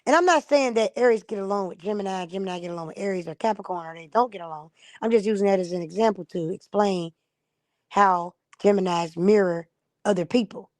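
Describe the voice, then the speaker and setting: Woman streamer, blunt and profane, dry close sound, mid pitch. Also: a little fast, no room sound. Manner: blunt, profane and animated, acts out quoted people. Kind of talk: casual live-stream monologue.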